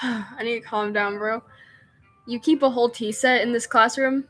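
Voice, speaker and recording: A woman's voice: a little high, fairly even intonation, moderate pace, sharp tone, faint music behind. A woman streamer reading a visual novel aloud, narrating in first person and breaking off into giggly, self-mocking asides.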